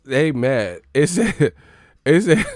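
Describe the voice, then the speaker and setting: A man's voice: mid-range voice, very animated, very slow, no echo, clean studio sound. A young man hosting a live stream, casually swearing and mocking his chat in slangy talk.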